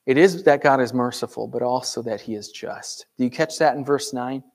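A man's voice: medium pitch, brisk, few pauses. A man preaching a sermon in a conversational way, asking rhetorical questions and acting out the voices of characters in a parable. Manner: acts out dialogue of parable characters. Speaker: pastor.

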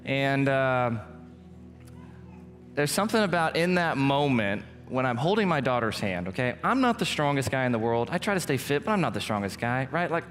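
A young adult male pastor giving a casual, joking sermon in a church hall. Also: moderate pace. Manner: casual, joking preacher, lively swings in pitch. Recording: echoey church hall with music.

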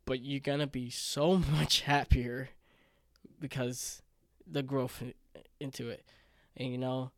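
A man's voice: medium pitch, little pitch movement, slow, dry recording, clean studio sound. A man in his twenties hosting a solo podcast, talking earnestly and emotionally, rambling with many restarts. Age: 20s. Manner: earnest and emotional, choking up at times. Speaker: podcast host.

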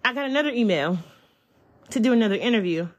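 A woman, hosting a podcast from home and telling a personal story in a chatty, excitable way. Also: on the high side, quick pace, muffled recording. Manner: chatty, excitable, addresses listeners as y'all. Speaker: podcast host. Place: at home, child in the room.

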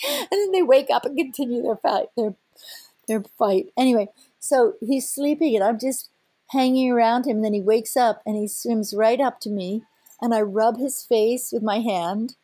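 A middle-aged woman, a whale researcher, telling an animated story, laughing often and acting out voices. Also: a little high, no echo. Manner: lively, excited, laughs often, acts out quoted voices. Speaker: whale researcher and boat operator.

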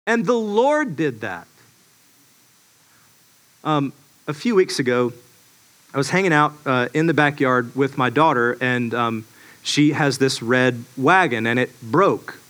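A man preaching a sermon in a relaxed, storytelling way, full of fillers and restarts. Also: medium pitch, unhurried, long pauses. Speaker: pastor.

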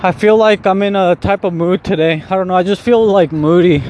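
A man's voice: sits high, fairly quick, darkish tone. A young man talking casually while walking outdoors, rambling and self-mocking, swearing often and laughing at himself. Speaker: vlogger. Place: city street outdoors. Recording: faint street noise outdoors.

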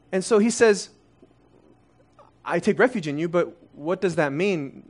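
A man's voice: sits high, animated, a little slow. A man in his thirties, originally from Korea, preaching a conversational sermon full of rhetorical questions. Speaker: pastor.

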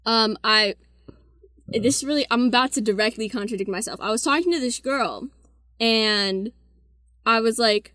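A teenage girl telling anecdotes in casual chat, laughing through quick asides. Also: on the high side, a bit bright, dry recording. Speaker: guest storyteller.

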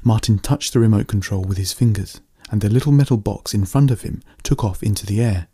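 A man reading a story aloud in a steady, plain narrating voice. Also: fairly low pitch, brisk, husky.

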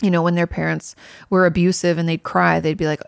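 Earnest low-voiced woman, creaky, dry. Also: steady tone, moderate pace, no room sound. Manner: earnest, conversational, many fillers, emphatic. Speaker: mental health creator answering viewer questions. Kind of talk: casual Q&A monologue.

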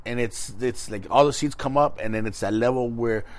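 A man co-hosting a podcast, telling a story in casual, animated chat, laughing often and swearing freely. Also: medium pitch, a little fast. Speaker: podcast co-host.

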